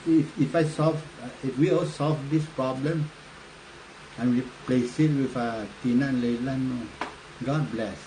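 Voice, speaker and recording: An older man from the Northern Mariana Islands gives political talk on a home livestream. He rambles and stops short, filling gaps with "uh" and "you know". His pitch sits in the middle, and a faint ambient hum runs behind him. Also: a little mellow, low-quality recording. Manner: rambling, halting, frequent fillers and laughs. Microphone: phone or webcam livestream.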